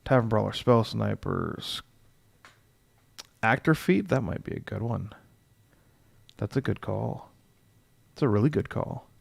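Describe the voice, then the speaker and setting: A man's voice: lowish voice, expressive, unhurried, creaky, pauses often, dry recording. A man chatting casually on a livestream as he builds a game character, thinking aloud, reading rules text and answering his chat.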